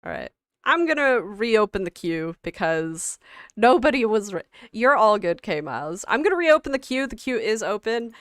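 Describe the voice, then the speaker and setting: A woman co-hosting a game livestream in casual chat, halting and full of fillers and restarts. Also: medium pitch, a bit bright, clean tone, dry recording, studio quality. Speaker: stream co-host.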